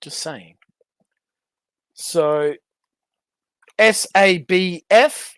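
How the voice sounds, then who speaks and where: Mocking and profane, a man live-streams running commentary on clips while ranking online personalities, laughing often in a casual, crude way. His voice is high, clear, resonant, and a bit bright, with drawn-out words. There's no room sound.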